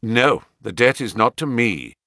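A man's voice: medium pitch, animated, pushed and bright, dry recording, clean studio sound. A man voicing a stern, composed detective. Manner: measured and authoritative. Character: stern, calm, self-assured male detective. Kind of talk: audiobook character reading.

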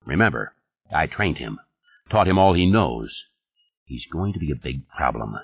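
A man reading the part of a gruff, commanding male company boss who talks curtly and coarsely, in an audiobook. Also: a bass voice, sing-song, moderate pace, no room sound, voice pushed down, heavily acted. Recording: dull, dry studio recording.

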